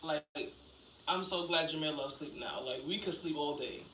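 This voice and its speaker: A woman's voice: sits low, moderate pace, fairly bright tone, a little hiss or hum. A woman co-hosting a podcast in casual chat, blunt and joking, swearing casually. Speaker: podcast co-host. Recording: echoey room, mic at a distance.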